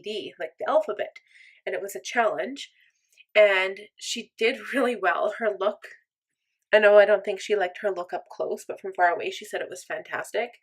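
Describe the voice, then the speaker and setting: A young woman chatting through a makeup tutorial in an upbeat, chatty, self-deprecating way. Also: mid-range voice. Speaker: makeup vlogger. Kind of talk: casual makeup tutorial chat.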